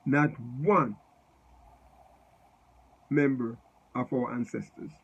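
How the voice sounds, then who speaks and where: A man giving unscripted Bible teaching, halting and repeating words as he spells out Hebrew letters. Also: medium pitch, fairly even intonation, vocal fry, husky, muffled recording.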